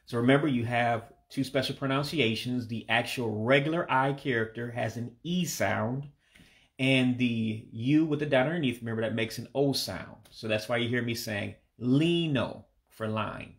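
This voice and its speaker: An American man in his forties giving a casual spoken language lesson, with a relaxed and hesitant delivery that is full of fillers, repeating words slowly for practice. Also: mid-range voice. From United States. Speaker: language learner teaching vocabulary.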